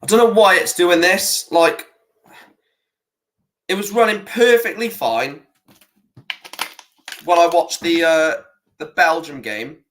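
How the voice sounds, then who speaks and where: Young guy doing a footy watch-along, sweary, bright forceful voice, bit high. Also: slow pace, pauses often. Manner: frustrated, swears a lot, rants at the referee. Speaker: football watch-along host. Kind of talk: live football watch-along commentary.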